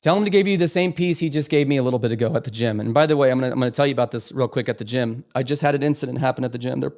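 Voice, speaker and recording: A man's voice: mid-range voice, rapid-fire, darkish tone. A man hosting a live stream, talking emphatically and stumbling over repeated words. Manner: emphatic, stammering repetitions. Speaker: livestream host. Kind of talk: impassioned live commentary.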